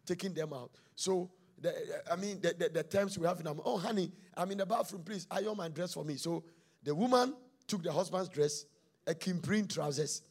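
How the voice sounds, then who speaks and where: A man preaches on marriage with a high, raspy voice. He tells stories dramatically, acting out both sides of a quarrel, and swings from near-whispers to shouting. His tone has a husky, gravelly edge. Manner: dramatic storytelling, swings from hushed to shouting, acts out dialogue. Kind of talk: sermon on marriage.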